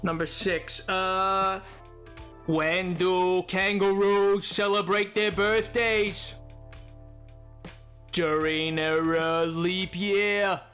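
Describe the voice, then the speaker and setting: Over soft background music, a man streams a game in a high, slightly bright voice with a flat delivery. His casual chat is rambling and digressive, punctuated by frequent laughter.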